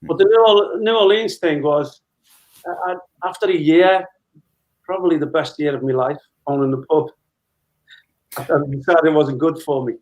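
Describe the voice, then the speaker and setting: A man's voice: a little high, normal speed, pauses often, low-quality recording. Laughing middle-aged man telling stories. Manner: laughing, animated anecdote-telling. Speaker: former footballer, guest. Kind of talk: casual storytelling interview.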